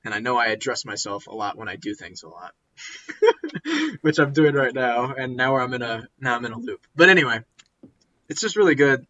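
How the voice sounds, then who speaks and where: A young man with a bright, sharp-edged voice rambles through a casual chat, stopping and restarting his thoughts. He sounds worn out. The recording is muffled and lo-fi. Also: mid-range voice, sing-song, normal speed, a little hiss or hum. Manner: rambling, self-interrupting. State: tired. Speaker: podcast co-host. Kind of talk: casual chat about music.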